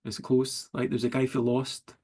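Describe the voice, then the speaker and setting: A Scottish writer in a relaxed video-call interview, easygoing and often chuckling as he talks. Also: medium pitch, normal speed, slightly rough. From Scotland. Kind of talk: casual interview chat.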